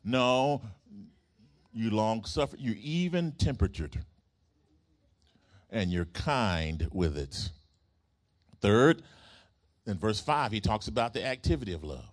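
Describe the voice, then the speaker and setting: A man's voice: lowish voice, sing-song, slow pace, long pauses. A man preaching a sermon, using rhythmic repetition and call-and-response with the congregation. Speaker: pastor.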